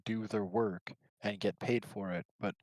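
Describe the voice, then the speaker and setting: A man chatting casually on a stream, eager and quick to laugh. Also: on the low side, steady tone, a little mellow, no echo, low-quality recording. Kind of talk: casual chat.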